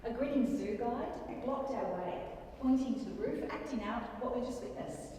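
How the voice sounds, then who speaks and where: A middle-aged woman with a broad Australian accent telling a wry, lively comic monologue on stage. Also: on the high side, moderate pace, slight background noise. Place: large town hall stage. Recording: echoey hall, miked from far off.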